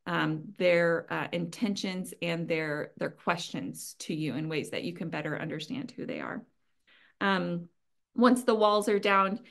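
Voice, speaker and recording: Creaky-voiced woman giving practical advice. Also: lowish voice. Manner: earnest, advising, frequent ums and light laughs. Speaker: webinar presenter. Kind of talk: conversational training talk.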